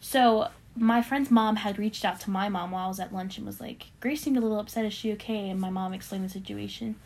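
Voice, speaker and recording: A young woman casually telling a personal faith testimony on a podcast, animated and full of fillers, acting out what others said. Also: mid-range voice, quick pace, creaky. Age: young adult. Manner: animated storyteller with many fillers, acting out quoted voices. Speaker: podcast co-host sharing a testimony.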